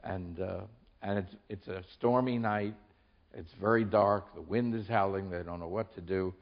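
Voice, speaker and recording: Low-voiced older man giving a talk. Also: fairly even intonation, dull audio. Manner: halting, with restarts and laughs. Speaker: author. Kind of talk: lecture talk. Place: lecture hall.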